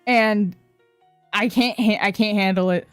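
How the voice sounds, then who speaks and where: A woman's voice: mid-range voice, steady tone, measured pace, clean tone, no room sound, soft background music. A young woman streamer chatting casually with her viewers, ranting bluntly, swearing often and laughing a lot. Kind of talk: casual chat reacting to chat messages.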